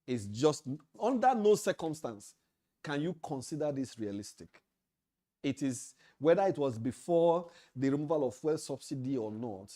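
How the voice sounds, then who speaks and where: A man's voice: mid-range voice, mellow. A man with a Nigerian English accent giving a training lecture to association officials, emphatic and repeating key phrases for stress. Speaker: leadership trainer at an association meeting. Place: meeting hall.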